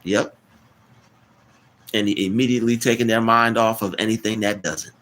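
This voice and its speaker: A man hosting a casual live stream, rambling, repeating words and giving shout-outs to chat. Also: fairly low pitch, fairly even intonation, moderate pace, slight background noise.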